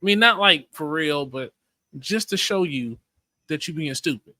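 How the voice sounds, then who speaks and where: A laid-back man co-hosting a podcast with a bright, forward voice. He talks in an easygoing, wry manner and rarely swears. The recording is close and dry. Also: fairly high pitch, animated, moderate pace, no room sound. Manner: easygoing, wry, mild-spoken. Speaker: podcast co-host. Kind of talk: casual chat.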